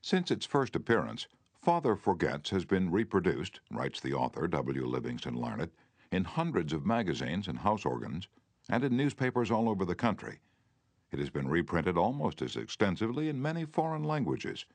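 Deep-voiced male audiobook narrator. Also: big pitch swings, dry recording. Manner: measured, earnest reading with tender, remorseful passages.

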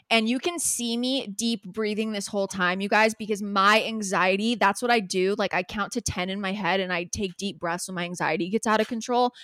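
A woman's voice: medium pitch, a bit bright, dry recording. A young woman co-hosting a podcast, talking candidly in an emphatic way and swearing freely. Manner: emphatic, swears freely, talks fast with many likes. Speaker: podcast co-host. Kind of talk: candid casual chat.

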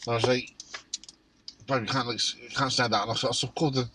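Bloke with a bright voice telling a crude story in a car, faint noise behind. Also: male voice, mid-range voice, steady tone, quick pace, poor audio. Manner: sweary, laid-back banter. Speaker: podcast co-host. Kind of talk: crude casual chat. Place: parked car.

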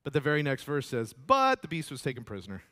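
A man preaching a sermon as pastor, animated and often repeating words. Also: medium pitch, quick pace.

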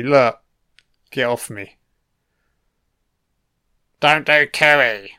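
Young male commentator, slow and smooth, profane and wry. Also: mid-range voice, a bit bright. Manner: profane, wry running remarks. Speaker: film commentator. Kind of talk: casual film commentary.

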